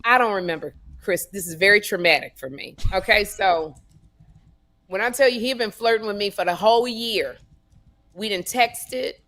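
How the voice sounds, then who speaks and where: A woman co-hosting a comedy podcast, telling stories in a sassy, animated way and acting out voices. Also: mid-range voice, moderate pace. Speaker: podcast co-host. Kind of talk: casual comedic storytelling.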